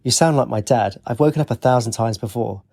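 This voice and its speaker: A man's voice: medium pitch, fast talker, gravelly, warm tone. A man voicing a tired young woman student in an audiobook, teasing and lightly sarcastic.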